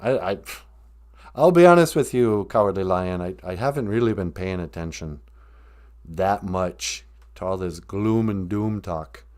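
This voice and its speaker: Slow deadpan guy hosting a comedy podcast, pitch swoops around a lot. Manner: deadpan, dark joking, drawling. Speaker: podcast host.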